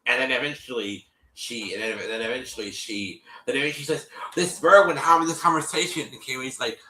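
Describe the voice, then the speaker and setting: A man hosting a show, recapping an episode in casual chat, animated and full of fillers, with a cough. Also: mid-range voice, quick pace, roomy sound, slight background noise, rough recording. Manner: animated, lots of fillers and repeats, acts out quotes.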